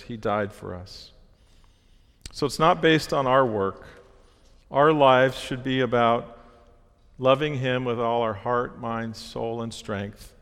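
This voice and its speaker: A man's voice: mid-range voice, smooth. Man preaching in a reverberant hall. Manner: earnest, steady teaching with small restarts. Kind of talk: sermon.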